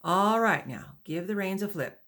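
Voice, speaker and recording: A woman's voice: medium pitch, lively intonation, normal speed, a bit bright, pitched above the performer's own voice, close to an everyday voice. A woman reading the part of a patient male wagon teamster who instructs pioneer women, in an audiobook. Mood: instructive. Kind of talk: audiobook dialogue.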